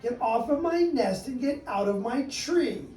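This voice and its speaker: A man voicing a lazy, selfish female bird with shrill, indignant squawks, during a storybook reading. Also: lively intonation, unhurried, a little mellow. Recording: echoey room, distant mic, background noise.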